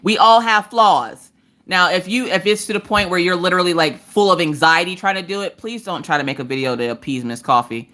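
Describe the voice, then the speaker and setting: A woman with a lowish, brisk voice hosts a casual crafting livestream, speaking directly to her viewers with sass and plenty of energy. She grew up in the countryside of the eastern United States, and her live chat is animated.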